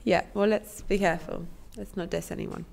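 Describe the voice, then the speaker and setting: Woman, thirties, slight lisp, stuffy with a cold, sing-song, excitable co-host. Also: on the low side, normal speed, gravelly. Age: 30s. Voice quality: slightly lisping. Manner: excitable, chatty, many fillers. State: has a cold. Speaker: co-host of an improvised podcast. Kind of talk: casual chat.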